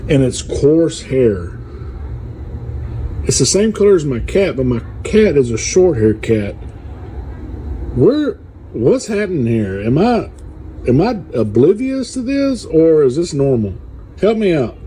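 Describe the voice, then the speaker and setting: A man's voice: fairly high pitch, big pitch swings, measured pace, pauses often, dark tone, slight background noise, low-quality recording. A man talking casually to his phone viewers, puzzled and asking them for help. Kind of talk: casual social media clip.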